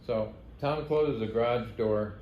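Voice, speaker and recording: A man's voice: medium pitch, measured pace, lo-fi sound. An older man, a grandfather, chatting with his family at home and telling a story in a chuckling, fondly teasing way. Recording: echoey room with background noise.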